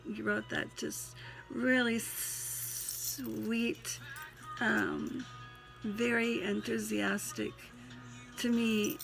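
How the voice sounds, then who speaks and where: A woman with a Tennessee twang, reciting her poetry and then chatting folksily to her viewers, her voice going hoarse. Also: fairly high pitch. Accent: Tennessee Southern twang. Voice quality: folksy, affectionate, calls listeners hon. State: losing her voice. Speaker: Christian poet and vlogger. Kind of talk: poetry recitation and casual chat to camera.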